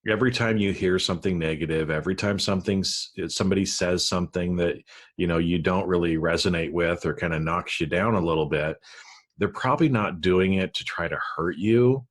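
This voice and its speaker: A man's voice: sits low, fairly quick. A man hosting a podcast in casual chat, talking in an easygoing way. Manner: easygoing, many fillers and restarts. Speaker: podcast host.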